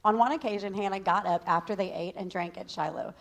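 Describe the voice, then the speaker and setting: A woman's voice: mid-range voice, quick pace. A woman co-teaching a sermon, reading scripture aloud and adding candid, joking asides. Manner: candid and joking, says y'all. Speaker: pastor's wife co-teaching.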